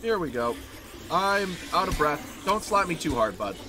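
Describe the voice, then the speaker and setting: A man talks through a horror game as he plays, taunting the enemy and yelping when he gets hit. His voice swings high and low, and his tone sits a little higher than most men's. A steady hiss of noise runs under the recording. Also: normal speed. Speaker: gaming channel host. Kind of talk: horror game let's play commentary.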